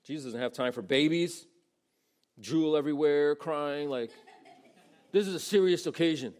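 Gravelly-voiced man preaching casually. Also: mid-range voice, a little mellow. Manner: conversational, acts out quoted voices. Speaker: pastor. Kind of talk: sermon.

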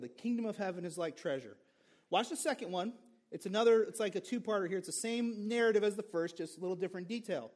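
A male pastor preaching a sermon in an animated, conversational way. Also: high voice. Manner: animated, conversational, acts out characters.

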